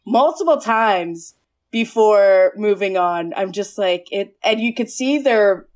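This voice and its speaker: A woman's voice: medium pitch, lively intonation, slow pace, a little mellow. A woman co-hosting a casual podcast, rambling with many fillers. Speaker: podcast co-host. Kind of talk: casual chat.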